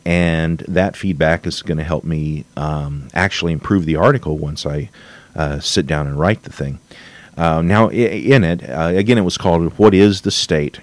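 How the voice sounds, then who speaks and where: A man's voice: low voice, dry recording. A man hosting a solo podcast from his home office, rambling and restarting, getting wound up as he rants. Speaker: podcast host.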